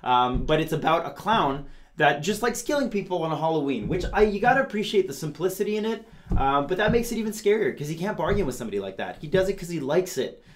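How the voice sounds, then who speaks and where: A man's voice: on the high side, very animated, quick pace. A man hosting a comedic news show, playful and gushing as he talks straight to his audience.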